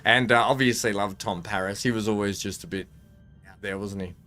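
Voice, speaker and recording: Excitable guy streaming a game, rambly, bright punchy voice, faint music behind. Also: on the low side, a little fast. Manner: excitable, rambling, laughs often. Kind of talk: live gameplay commentary.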